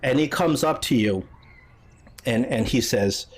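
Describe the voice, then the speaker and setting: A man narrating as game master of a tabletop game, often pausing and restarting. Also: medium pitch, rough recording. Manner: halting, many fillers and restarts.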